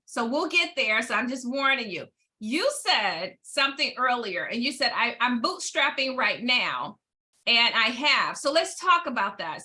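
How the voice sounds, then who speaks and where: A woman co-hosting a podcast, leading the conversation with lively questions. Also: on the high side. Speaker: podcast co-host.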